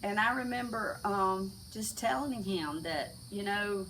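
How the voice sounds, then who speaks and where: A middle-aged woman telling her personal faith testimony in a halting way, with many restarts and fillers. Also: medium pitch, fairly bright tone, distant mic, a little hiss or hum, poor audio. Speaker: testimony speaker.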